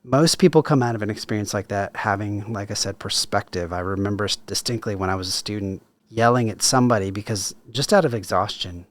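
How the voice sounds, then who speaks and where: Low-voiced man, encouraging army chaplain. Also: a little fast, hardly any pauses. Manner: reflective, encouraging, pastoral. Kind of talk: conversational interview.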